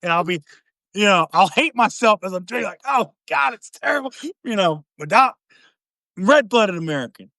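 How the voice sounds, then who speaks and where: A man's voice: sits high, lively intonation, moderate pace, bright, forceful tone, no echo. A man hosting a podcast, joking and rambling in casual chat, full of "you know" asides. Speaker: podcast host.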